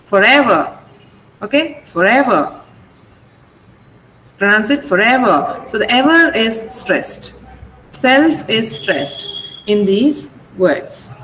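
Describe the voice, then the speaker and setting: A woman teacher with an Indian English accent, her voice a little high, walks through word stress at a very slow, deliberate pace. She repeats each word for her students and often checks in with "okay?". The sound is echoey, with a faint hum of room noise behind her. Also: animated, fairly bright tone. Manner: slow, drills words syllable by syllable, checks with "okay?". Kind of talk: online vocabulary and pronunciation lesson.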